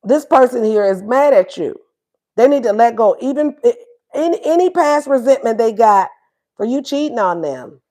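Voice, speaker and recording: A woman's voice: on the high side, expressive, moderate pace, mellow. A woman giving a casual tarot reading, sassy and acting out what the lovers would say. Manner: sassy, acts out voices of both lovers. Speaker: tarot reader.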